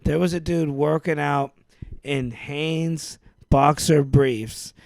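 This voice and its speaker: A man's voice: a little high, steady tone, takes it slowly, gravelly, a little mellow, no echo. A man co-hosting a podcast, joking and teasing his friend in laid-back, casual chat. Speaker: podcast co-host.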